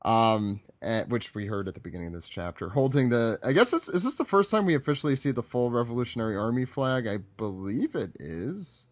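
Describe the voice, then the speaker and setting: Chatty podcast host, dry close sound. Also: male voice, medium pitch, very animated, fairly quick, hardly any pauses, no echo. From Long Island, United States. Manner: chatty and rambling, with frequent fillers and self-corrections. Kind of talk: casual chat recapping a comic chapter.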